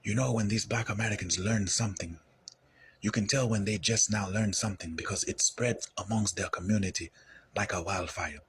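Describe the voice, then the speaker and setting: A man's voice: lowish voice, normal speed, fairly bright tone, slight background noise. A man from Ethiopia lecturing in an explanatory way, often repeating "you see". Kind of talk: lecture-style talk.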